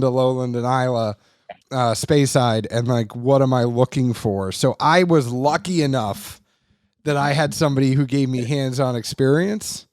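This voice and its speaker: A podcast host chats casually, rambling and poking fun at himself. His mid-range voice is a little mellow, captured as clean studio sound with no room echo.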